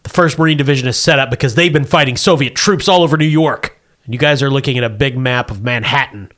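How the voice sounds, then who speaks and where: A man narrating a comedic tabletop game as game master, setting scenes deadpan and laughing often. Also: medium pitch, quick pace.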